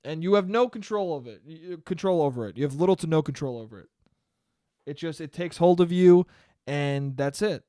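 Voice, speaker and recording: A slightly high, dark-toned male voice comes through a dry, studio-quality recording, moving a little fast. The young solo podcast host rambles and swears in a casual monologue, repeatedly cutting himself off and laughing.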